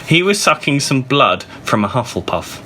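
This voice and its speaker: A man giving a comedic reading of a story, laughing often and shouting the characters' lines. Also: mid-range voice, big pitch swings, normal speed, slight background noise. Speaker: reader. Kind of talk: comedic dramatic reading of fan fiction.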